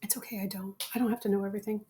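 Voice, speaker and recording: A woman's voice: mid-range voice, flat delivery, racing, dark tone, slight background noise. A schoolteacher hosting a home cooking video, chatting playfully and teasing her daughter while tasting the food. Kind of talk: casual chat. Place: home kitchen.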